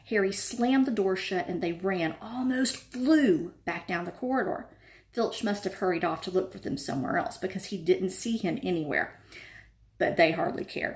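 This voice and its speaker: A woman reading a novel aloud with lively storytelling. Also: mid-range voice. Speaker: reader.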